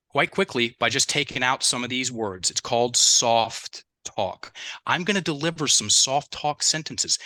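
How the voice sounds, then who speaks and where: Man with a very bright, dry voice. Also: mid-range voice, dry recording. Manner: animated, acts out quoted dialogue. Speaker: mindset coach guest. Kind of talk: casual storytelling interview. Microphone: headset.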